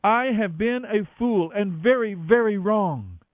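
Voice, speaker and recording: A man plays a remorseful king who confesses slowly and loudly, his voice pitched high. The sound is thin and phone-like, dry and close. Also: dry recording. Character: remorseful older male king.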